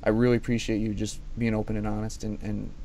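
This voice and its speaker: Male interviewer, gravelly and mellow, earnest and encouraging, light noise behind. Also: lowish voice, monotone, quick pace. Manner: encouraging, earnest, repeats "let's say". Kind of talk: friendly recorded interview.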